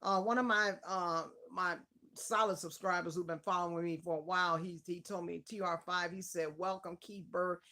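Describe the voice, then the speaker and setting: A woman hosting a casual live stream interview from home. She is effusive and warm toward her regulars, calling out viewers by name as she waits to begin. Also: fairly low pitch, fairly even intonation, normal speed.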